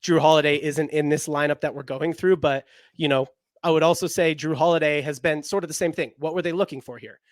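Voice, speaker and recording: A man's voice: on the high side, steady tone, a little fast, no room sound, clean studio sound. A young man co-hosting a casual basketball chat, rambling with lots of "like" fillers. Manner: rambling, heavy use of "like" fillers. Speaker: basketball podcast co-host.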